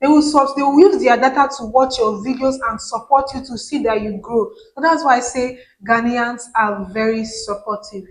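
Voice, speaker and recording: Chatty Nigerian woman, slightly high voice. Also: moderate pace, few pauses, poor audio. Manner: chatty, repeats words for emphasis. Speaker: vlogger. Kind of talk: casual chat to camera.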